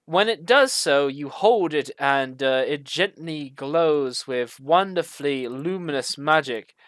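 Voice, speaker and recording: A woman running a tabletop game, narrating in a slow, unhurried way with many pauses and fillers. Her voice sits low and sounds smooth and clear. The sound is dry and close to the mic. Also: lively intonation, dry recording. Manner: hesitant, many fillers, laughing. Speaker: game master.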